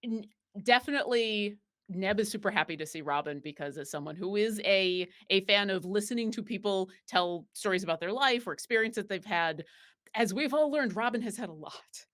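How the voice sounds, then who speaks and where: Speaking briskly in a mid-range, slightly bright voice, a Buffalo, New York woman appears as a guest player in a relaxed interview. Her talk wanders, full of fillers and restarts, and she laughs easily.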